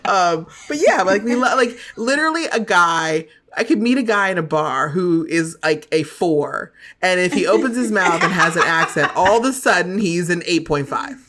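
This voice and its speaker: A woman's voice: fairly low pitch, normal speed, hardly any pauses, a little hiss or hum. Laughing woman telling stories. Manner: animated storyteller, laughs often. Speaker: podcast co-host. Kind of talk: casual chat.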